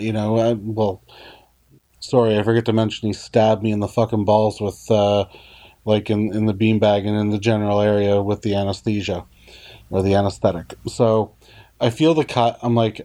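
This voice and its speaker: A man's voice: fairly low pitch, little pitch movement, moderate pace, dark tone. A man telling a blunt, profanity-laden personal story in casual conversation. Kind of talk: casual chat.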